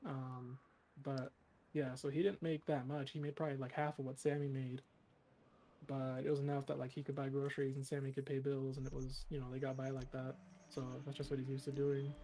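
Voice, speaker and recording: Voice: mid-range voice, little pitch movement, a little fast, dark tone, slight background noise. Rambling, filler-heavy co-host, mid-range voice, faint music behind. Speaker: co-host in a game stream. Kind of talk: casual chat.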